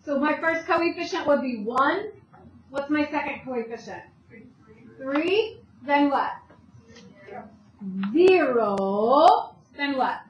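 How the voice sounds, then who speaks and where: Woman teacher, high voice, brisk step-by-step classroom lecture, recorded from across an echoey room. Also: lively intonation, dull audio. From Italian heritage. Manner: brisk, talks students through steps with questions. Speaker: math teacher. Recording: echoey classroom, voice from far off, faint hum.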